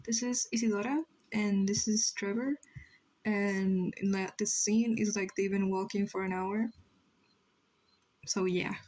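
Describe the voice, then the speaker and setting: Mellow-voiced young woman chatting on stream. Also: medium pitch, fairly even intonation, measured pace, rough recording. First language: Spanish. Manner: rambling, reads chat aloud, many "like" fillers. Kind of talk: casual livestream chat while drawing.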